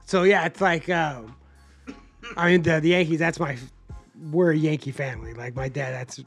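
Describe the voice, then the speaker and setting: A man hosting a podcast, telling animated, profane stories in casual chat and acting out what people said. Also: fairly high pitch, normal speed, creaky, soft background music. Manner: profane, animated storyteller, acts out quotes. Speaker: podcast host.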